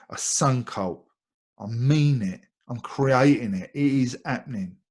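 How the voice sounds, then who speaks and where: Essex guy teaching meditation, bit husky, casual and jokey, mid pitch. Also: a little mellow. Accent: Essex English. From Essex, England. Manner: light-hearted, repeats words, laughs often. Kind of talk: guided meditation talk.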